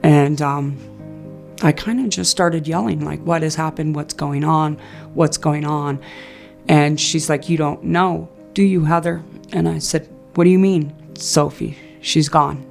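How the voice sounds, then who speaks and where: A woman's voice: sits low, fairly even intonation, a little slow, gravelly. A woman in a documentary interview, retelling a conversation and quoting the voices in it. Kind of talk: personal recollection. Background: faint music.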